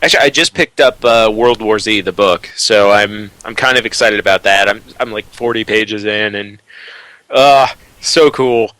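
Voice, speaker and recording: A man co-hosts a casual podcast roundtable, talking in a bright, forceful voice. He rambles and stammers, restarting his sentences, jittery from caffeine. The sound is dry and close. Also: on the low side, moderate pace, no room sound, low-quality recording. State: jittery from energy drinks. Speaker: podcast co-host.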